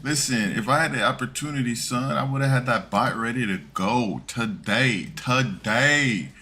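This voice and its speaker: A man's voice: medium pitch, normal speed, natural voice. Brash 90s New York street guy, as a man puts him on. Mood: swaggering. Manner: loud and swaggering, calling everyone son.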